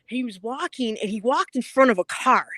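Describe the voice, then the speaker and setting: A woman's voice: fairly high pitch, lively intonation, normal speed, fairly bright tone, dry recording. A woman guest in a casual conversation, telling stories in a chatty way, laughing often and using lots of fillers.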